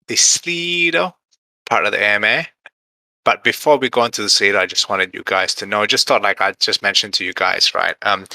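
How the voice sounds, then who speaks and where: A man's voice: fairly low pitch, pushed and bright, dry recording, low-quality recording. A man hosting a live community call, talking in a casual, upbeat, rambling way. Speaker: host of a community AMA call.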